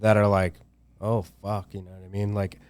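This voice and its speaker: A man's voice: lowish voice, level tone, moderate pace, darkish tone, no echo. A young man, a tattoo artist, chatting loosely on a podcast with lots of slang, swearing and filler words. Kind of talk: casual podcast chat.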